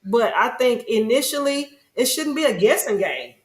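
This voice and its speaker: A woman's voice: a little high, lively intonation, moderate pace. A woman hosting a podcast, chatting casually and earnestly in long, rambling stretches. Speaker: podcast host. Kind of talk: casual chat. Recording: roomy echo.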